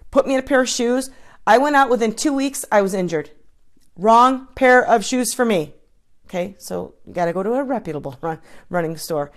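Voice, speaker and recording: A woman coach giving an informal live-streamed talk, chatty, with many restarts and asides to her viewers. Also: medium pitch. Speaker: triathlon coach.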